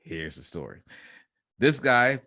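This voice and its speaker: A man's voice: mid-range voice, very animated, takes it slowly, pushed and bright, no room sound, studio quality. A man co-hosting a casual podcast, reading news stories aloud and joking and laughing between them. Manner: reads headlines, then riffs and laughs between lines. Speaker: podcast co-host.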